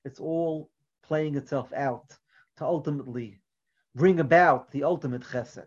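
A man delivers an earnest Torah lecture with a fairly high voice, often sinking to a quiet, soft delivery as he makes a point. The recording is dull and lo-fi, with little crispness. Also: a little slow. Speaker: Torah teacher. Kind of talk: religious lecture with storytelling.

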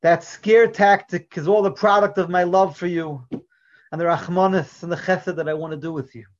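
A man's voice: high voice, steady tone, normal speed, natural voice. A man voicing a father who earnestly warns and then comforts his young son. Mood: tender. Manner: firm, earnest warning tone. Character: stern but loving father warning his son. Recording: dull lo-fi recording.

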